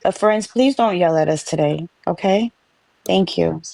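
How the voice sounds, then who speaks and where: A woman with a high-pitched voice pleads quickly for calm and stumbles over her words. She speaks as a juror in an online mock court. Her sound is dry and close. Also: creaky, no echo.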